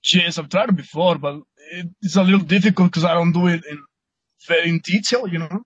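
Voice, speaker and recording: A man's voice: sits high, brisk, fairly bright tone, breathy edge, dry recording, muffled recording. A man being coached about dating, speaking hesitantly and stammering through frequent restarts. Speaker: coaching client. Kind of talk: casual conversation.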